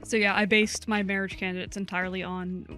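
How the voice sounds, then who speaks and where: A chatty woman co-hosts a game stream, talking at a middle pitch with rambling asides and easy laughs. Faint music sits under her voice. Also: flat delivery, a little fast, sharp tone. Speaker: co-host and game player. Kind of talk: casual chat while streaming a game.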